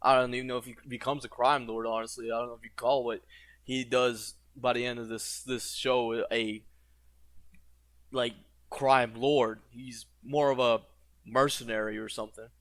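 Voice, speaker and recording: A man's voice: medium pitch, little pitch movement, normal speed, fairly bright tone, no room sound. Man, reaction commentary, blunt and profane, ranting, dry close sound. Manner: mocks characters in put-on quotes.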